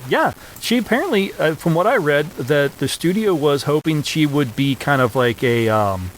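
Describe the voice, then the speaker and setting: A man co-hosting a podcast, talking casually about an old film in a relaxed way, with filler words and the odd chuckle. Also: on the high side, normal speed, a little hiss or hum, rough recording. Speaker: podcast co-host.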